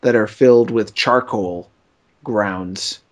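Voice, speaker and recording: A man's voice: fairly low pitch, slow pace. A man co-hosting a comedy podcast, reacting with bemused disgust and questions. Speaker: podcast co-host. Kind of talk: comic banter.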